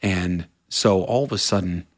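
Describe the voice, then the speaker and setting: A man with a very low, deep voice tells his story in an interview, earnest and unpolished. His sentences run on and tumble over each other as the memories come. It sounds like a casual sit-down chat. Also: a little slow. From Vermont, USA. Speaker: guest, country singer.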